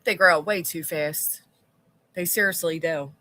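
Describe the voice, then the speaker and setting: Bright-voiced chatty woman livestream host. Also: fairly low pitch, unhurried. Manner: chatty, rambling, reads chat aloud. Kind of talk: casual livestream chat with viewers.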